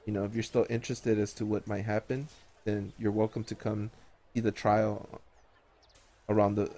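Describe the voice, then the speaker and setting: A man's voice: fairly low pitch, warm tone, natural voice. A man voicing a male inquisitor in a tabletop game, speaking formally with many halts. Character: officious male inquisitor, earnest.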